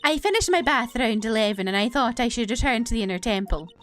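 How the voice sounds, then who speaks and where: A chatty, flustered old nun with a put-on Canadian-style accent, as a woman reads her. The voice sits a little high. Faint music plays behind her. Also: animated, fast, fairly bright tone. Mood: folksy. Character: fussy elderly nun witness, folksy and flustered.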